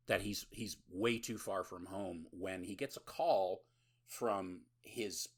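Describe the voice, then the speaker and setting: Podcast guy rambling thru a movie recap, laughs a lot, swears, bright punchy voice. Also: low-pitched. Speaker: podcast host. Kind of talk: casual chat, recapping a film.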